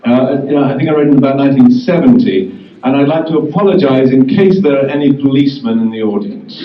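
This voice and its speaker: A wry, self-mocking English man gives stage patter between songs with his guitar. He sounds distant and roomy, caught from across a convention hall. The old tape is dull, and loud guitar rings behind him. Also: mid-range voice, fast talker, background noise. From England. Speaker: guest singer-songwriter. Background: guitar playing.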